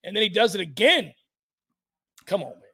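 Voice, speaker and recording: A man's voice: high voice, normal speed, breathy edge. A man co-hosting a casual sports talk show from home, joking and ranting with exasperation. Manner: joking, animated, rants with exasperation. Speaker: sports podcast co-host. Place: home, by a fire at night.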